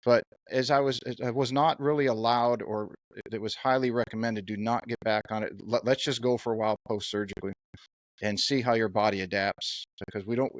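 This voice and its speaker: Low-voiced man in his fifties, dry. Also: no room sound, poor audio. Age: 50s. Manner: earnest, long winding questions. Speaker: podcast host. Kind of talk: podcast interview.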